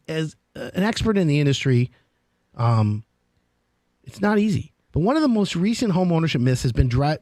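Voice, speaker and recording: Animated radio host man, dry studio sound. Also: on the high side, no room sound. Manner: animated, chatty, jumps between excited and mock-grumbling asides. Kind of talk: lively radio talk.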